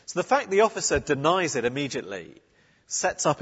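A man delivers a sermon in a conversational, earnest way, often restarting his phrases. His voice is slightly husky, and it comes through a dull, muffled recording. A long reverb from the church trails behind him. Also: a little high, very animated, a little fast. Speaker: preacher.

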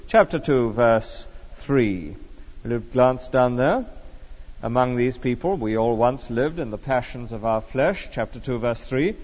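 A man's voice: medium pitch, darkish tone. A man preaching an expository sermon, reading Bible verses and putting questions to his congregation. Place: church. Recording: dull, long-reverb church recording.

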